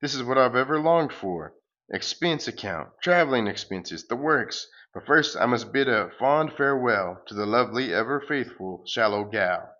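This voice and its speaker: A man voicing a goofy, boastful male space surfer hero who talks in an excitable, mock-heroic way. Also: medium pitch, moderate pace, dull audio.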